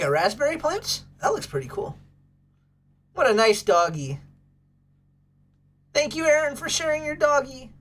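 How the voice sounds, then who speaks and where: Woman livestream host, casual and bubbly, with a very lively pitch. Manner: bubbly, gushes over pets and thanks chat.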